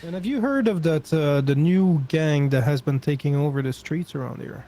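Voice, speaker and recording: A man's voice: on the high side, moderate pace, mellow, natural voice. A man voicing a poor peasant, a disguised ninja, asking curious, probing questions. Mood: inquisitive.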